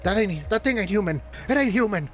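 A man's voice: sits high, expressive, brisk, a bit bright, faint music behind, pitched above the performer's own voice. A man playing a brash New York Irish brawler. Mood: defiant.

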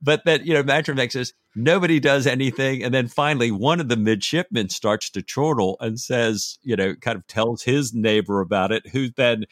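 A man's voice: mid-range voice, moderate pace, hardly any pauses, fairly bright tone, no room sound, clean studio sound. A man co-hosting a book podcast, chatting eagerly and repeating words as he thinks. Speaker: podcast co-host. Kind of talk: conversational book discussion.

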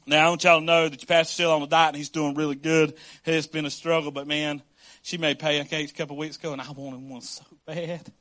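A man's voice: fairly high pitch, little pitch movement, fairly quick, fairly bright tone. A middle-aged male pastor preaching a sermon, telling stories about his marriage with laughs and acted-out quotes.

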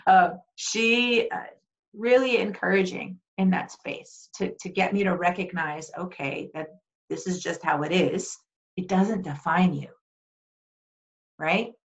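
A middle-aged woman speaking earnestly and warmly as an interview guest, with frequent restarts and fillers. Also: on the low side, moderate pace. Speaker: interview guest, Paralympian and advocate. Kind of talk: casual conversational interview.

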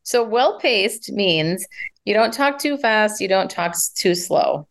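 A woman speech coach giving advice in an interview, talking in an animated way and showing vocal variety as she explains. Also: mid-range voice, takes it slowly, creaky.

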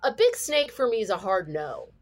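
A woman from St. Louis, a guest comedian on a casual podcast, telling animated, rambling stories full of fillers. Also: mid-range voice, normal speed. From St. Louis, USA.

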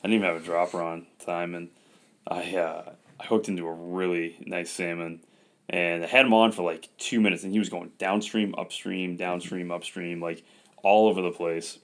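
Brief: deep-voiced male co-host, animated and chatty, full of fillers. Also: moderate pace. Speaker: podcast co-host. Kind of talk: casual chat.

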